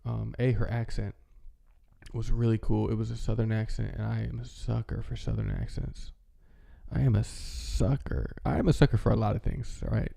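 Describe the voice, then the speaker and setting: A man's voice: on the low side, lively intonation, normal speed, gravelly, dark tone. A man in casual, rambling chat as a vlogger, with many fillers and restarts. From American Midwest. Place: home, with his dog nearby.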